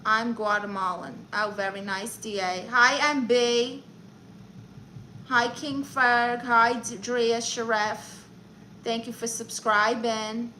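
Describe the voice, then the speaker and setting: Brash Brooklyn-accented woman, bright sharp voice. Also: a little high, little pitch movement, slow, slight background noise, rough recording. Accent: Brooklyn New York. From Brooklyn, New York. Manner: brash, chatty, greeting viewers and reading chat aloud. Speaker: livestream comedy host. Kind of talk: in-character live-stream chat.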